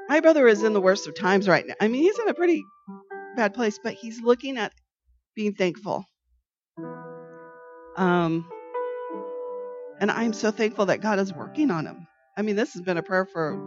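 A woman hosting a devotional podcast, telling a family story in an earnest, conversational way with frequent restarts. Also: medium pitch. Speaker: podcast host. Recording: slightly dull recording with faint music.

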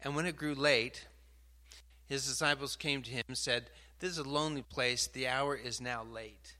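A man preaching a sermon, animated and building to emphatic outbursts, stopping now and then to sort out his slides. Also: mid-range voice. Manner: pauses mid-talk to sort out slides.

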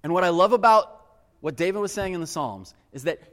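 A fairly high-voiced man preaching in an earnest, animated way and weaving a personal story into his sermon. His voice rings out with a long reverb, as if he is filling a large church hall. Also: brisk. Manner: earnest, animated storyteller who addresses the crowd as guys. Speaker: pastor.

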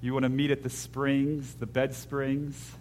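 A man preaching a sermon as pastor, moving between hushed, intimate lines and loud acted-out scenes, with jokey asides. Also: medium pitch, completely flat delivery, unhurried, a little hiss or hum.

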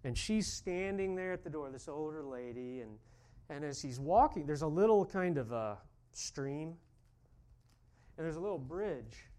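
A man with a high voice preaching a sermon. He tells a story in an easy way, then turns fervent and emphatic as he drives his points home. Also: a little mellow. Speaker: pastor.

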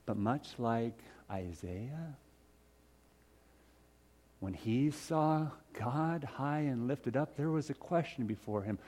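A man preaching as he retells a gospel story in the first person, moving from excited calling out to hushed, slow confession. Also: mid-range voice.

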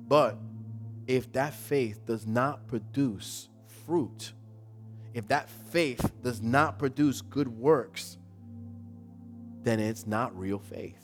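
A man preaching a sermon as pastor, repeating his phrases and building to loud emphatic questions. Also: mid-range voice, takes it slowly, soft background music.

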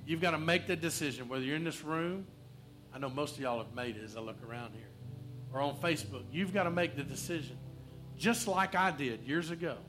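A man with a slightly high voice preaches in a church, quoting verses and drawing the congregation in with questions. He eases into a hushed, tender tone for the prayer. Faint music plays behind him. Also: fairly quick. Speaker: pastor. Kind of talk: sermon. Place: church, also streamed online.

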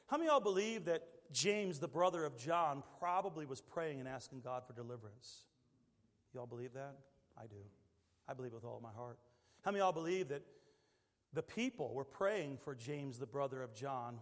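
Man, pastor, animated sermon, high-pitched, long hall reverb. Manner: animated, swings between quiet asides and loud impassioned pleading. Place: church sanctuary.

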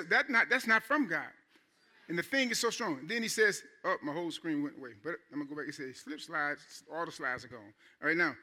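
A man's voice: high-pitched, bright, forceful tone. A man preaching a Sunday sermon in a conversational style that rises to emphatic calls. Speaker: pastor.

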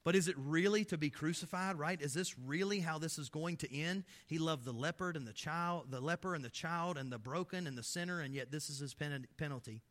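Male pastor, sermon, rather high voice, sharp bright tone, impassioned, rhetorical questions, loud then hushed. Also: a little fast, few pauses. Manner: impassioned, full of rhetorical questions, swelling and dropping in loudness.

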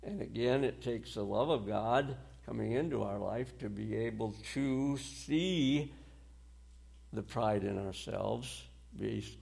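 A male preacher delivers a sermon at an unhurried, measured pace, letting each phrase land before moving on. His voice has a gravelly, creaky texture. He speaks at a middle pitch with deliberate weight. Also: darkish tone. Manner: slow, deliberate delivery with pauses and short dry laughs.

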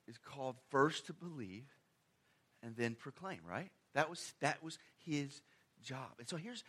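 A man preaching a sermon in a conversational, emphatic way, firing off rhetorical questions and moving between loud stressed phrases and quiet asides. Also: fairly high pitch, slightly rough.

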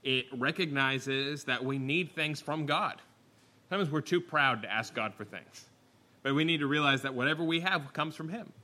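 A middle-aged male preacher with a bright, forceful tone delivers a sermon. He tells the scripture story vividly, acting out the characters' lines with big rises in pitch and dropping to a near murmur for asides. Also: normal speed. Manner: animated storytelling, acting out the scripture voices with wide pitch swings.

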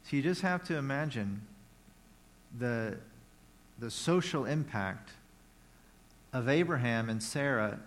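A male preacher retells a scripture story in an easygoing, conversational way. He slips in playful asides as he goes. His voice sits at a medium pitch. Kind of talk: sermon.

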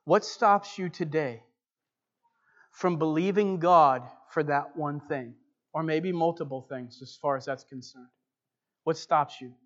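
A man preaching a sermon, reading a story aloud and then pressing the point, earnest and emphatic, loud at times and quiet at others. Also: on the high side, a little slow. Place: church building. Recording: dull lo-fi recording.

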